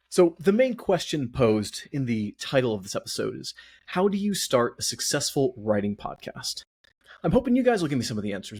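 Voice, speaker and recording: A man's voice: medium pitch, slightly rough. A man hosting his own podcast, out of breath and chatty, rambling along in a self-deprecating way. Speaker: podcast host. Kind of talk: casual solo podcast monologue.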